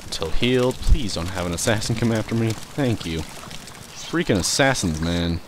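A young man casually commentating his own gameplay, rambling, swearing and reacting loudly to what happens in the game. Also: lowish voice, expressive, moderate pace, noisy background. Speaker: let's play host.

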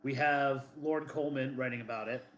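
A man's voice: mid-range voice, fairly even intonation, fairly quick, reverberant, a little hiss or hum. A man from Boston co-hosting a casual chat show, talking in a rambling, defensive way with many fillers and restarts. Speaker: podcast co-host.

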